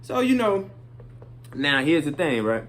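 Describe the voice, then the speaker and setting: A man's voice: a little high, sing-song, a little slow, a bit bright. A middle-aged man casually telling a story, rambling and often stopping to ask "right?" and "you know".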